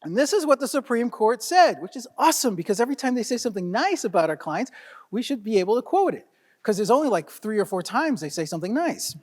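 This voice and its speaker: High-pitched man giving a lively lecture. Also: quick pace, big-room sound. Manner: lively and conversational, with frequent "right?" tag questions; blunt, with casual swearing. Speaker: criminal defense lawyer presenting to peers. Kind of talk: conference lecture. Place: conference room before an audience.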